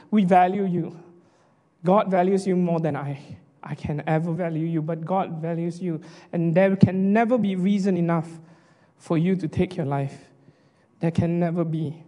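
A man preaching an emotional sermon as a pastor, earnest and halting, often restarting his sentences. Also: fairly high pitch, a little mellow, in a large hall. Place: hall.

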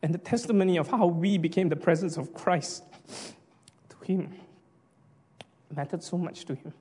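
A man preaching an emotional sermon as a pastor, earnest and halting, often restarting his sentences. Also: high-pitched, warm tone, breathy edge, big-room sound. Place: hall.

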